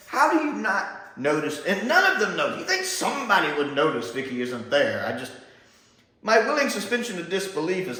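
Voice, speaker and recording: Male reviewer, casual and rambling, slightly high voice, exasperated asides, heavy room echo. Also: huge pitch swings, moderate pace, sharp tone. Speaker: TV show reviewer. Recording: very echoey room.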